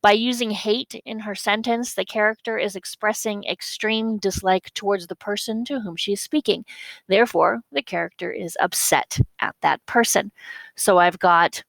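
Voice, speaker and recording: Woman teacher, some vocal fry, dry close sound, patient step-by-step explainer. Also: mid-range voice, normal speed, fairly bright tone, no room sound, low-quality recording. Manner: explains step by step, repeats points, checks with "okay?". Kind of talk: classroom lesson walkthrough.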